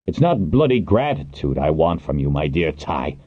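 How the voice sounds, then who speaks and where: A man voicing a passionate young wing leader who speaks earnestly and gently, with intense warmth toward his partner. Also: very deep voice, big pitch swings, moderate pace, slightly rough, no room sound, exaggerated voice. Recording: tinny phone-like, dry.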